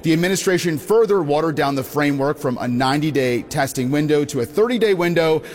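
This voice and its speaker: Male field reporter, slightly high voice, long reverb on feed. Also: expressive, a little mellow. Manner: measured reporting, reads quotes. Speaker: news correspondent. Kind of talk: news report.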